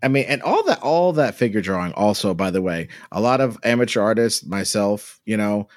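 A man co-hosting a podcast in a relaxed, slangy way, chatting about comic art and drawing some words out. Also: lowish voice, brisk, no room sound, clean studio sound. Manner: laid-back, slangy, drawls some words. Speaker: podcast co-host.

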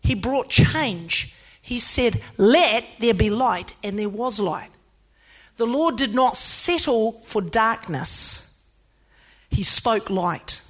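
A woman pastor, preaching a sermon in an emphatic, lively way with playful asides. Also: on the high side, slow pace, slightly rough.

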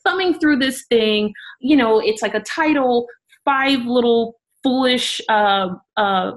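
Middle-aged businesswoman from Miami, lively storytelling guest, voice a bit high. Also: slow pace. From Miami, Florida. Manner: animated, acts out quoted voices. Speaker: podcast guest, entrepreneur. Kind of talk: storytelling interview talk.

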